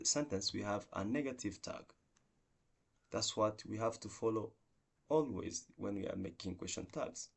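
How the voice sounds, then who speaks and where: A man with a voice on the low side teaches an online English grammar lesson. He explains slowly, working through example sentences one at a time, with restarts and non-native phrasing.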